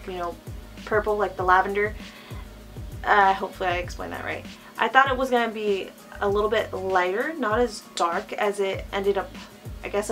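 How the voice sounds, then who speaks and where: A woman's voice: medium pitch, fairly bright tone. Chatty woman with a lisp. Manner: chatty, gushing, full of fillers. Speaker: beauty vlogger. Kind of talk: casual product review.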